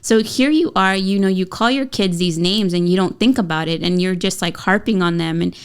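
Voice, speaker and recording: Woman, 30s, parenting podcast co-host, candid chatty delivery, resonant and slightly low. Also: brisk, clean tone. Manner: candid and chatty, with many fillers. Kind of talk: casual parenting podcast chat.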